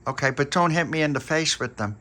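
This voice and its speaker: A man voicing a plucky young girl, squeaky, high and fretful. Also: brisk, sharp tone. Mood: wary.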